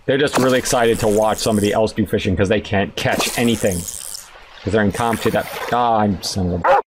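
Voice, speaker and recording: A man streaming video games, giving sarcastic, excitable commentary that bursts into shouts. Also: lowish voice, fairly quick, noisy background. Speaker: gaming streamer. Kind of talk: casual gameplay commentary.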